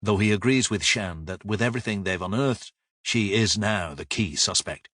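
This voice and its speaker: A man reading a crime audiobook in calm, even narration. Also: fairly low pitch, moderate pace, no echo, studio quality. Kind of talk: scripted narration.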